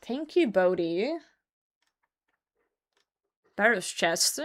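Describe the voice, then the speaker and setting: A woman's voice: mid-range voice, sing-song, very slow, pauses often, sharp tone. A woman streamer chatting casually and reading a story aloud, breaking in with blunt, profane commentary and frequent laughter. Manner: blunt, swears often, laughs through her reading.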